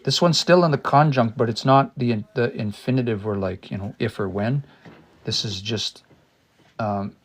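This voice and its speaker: A man studying a language on a casual livestream, thinking aloud and sounding out new words slowly and repeatedly. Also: medium pitch. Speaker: language teacher.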